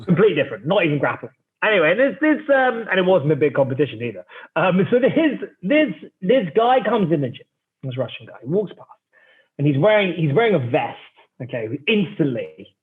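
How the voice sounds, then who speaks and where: A man's voice: on the high side, big pitch swings, brisk. A man, a startup founder, telling a story in a cheeky, theatrical way and swearing freely. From England. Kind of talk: animated anecdotal storytelling. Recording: tinny phone-like remote line.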